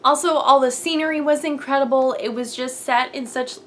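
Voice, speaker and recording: Young female podcast host, slightly high voice, chatty, rambling, gushy. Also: fairly even intonation, a little fast, fairly bright tone. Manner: bubbly, rambling, gushing, laughs often. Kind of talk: casual chat.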